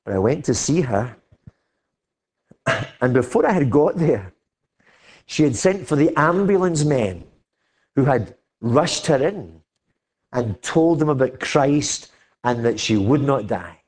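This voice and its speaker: An older man with a Scottish accent preaching a sermon, building to loud, emphatic declarations. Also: medium pitch, animated, slow, long pauses, husky.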